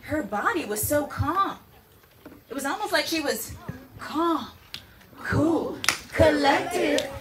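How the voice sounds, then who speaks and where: Female educator, high and bubbly, big exclamations for a class of kids; distant outdoor recording with noise. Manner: exuberant, exclamatory, calls the kids "my people" and "y'all". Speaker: peace educator teaching children. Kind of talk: enthusiastic classroom lesson.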